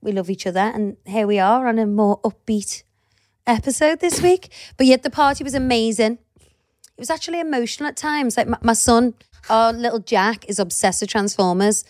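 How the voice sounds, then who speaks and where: A woman's voice: on the high side, moderate pace, darkish tone, no room sound, clean studio sound. A woman in her thirties co-hosting a podcast, chatting casually and animatedly, swearing now and then. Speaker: podcast co-host. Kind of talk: casual chat.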